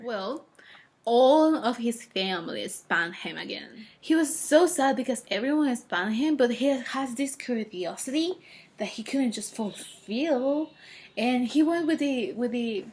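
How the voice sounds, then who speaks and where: A woman's voice: on the high side, a little mellow. A woman casually retelling a children's story, hesitant, with many fillers and restarts.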